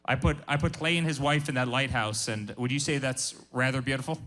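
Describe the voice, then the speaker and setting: A man's voice: mid-range voice, fairly even intonation, brisk, bright, forceful tone, slight background noise. A man speaking as a guest business founder at a live workshop, emphatic and passionate, often repeating his words.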